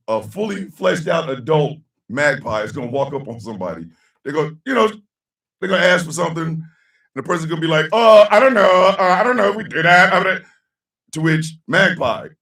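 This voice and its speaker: A man hosting a casual live-stream show, loud and laughing, heavy on slang. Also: fairly high pitch, creaky, far from the mic. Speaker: host. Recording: echoey room, a bit off-mic.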